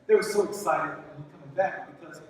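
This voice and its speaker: A man giving an animated motivational speech at a conference, calling out to the crowd and repeating phrases in a preacher-like way. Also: fairly high pitch, fast. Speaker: conference speaker. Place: large conference hall. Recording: echoey hall from far off, faint noise.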